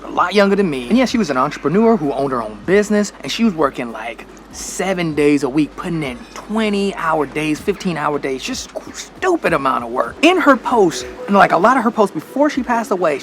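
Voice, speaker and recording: A man's voice: fairly high pitch, fairly bright tone, slight background noise. An American man vlogging in a candid, reflective way, full of casual slang. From United States. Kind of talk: casual talk to camera.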